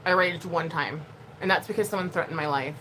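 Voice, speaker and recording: A woman YouTuber talking casually to her camera in an animated, expressive way, moving between quiet asides and loud bursts. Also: on the low side, fairly quick, slight background noise, poor audio.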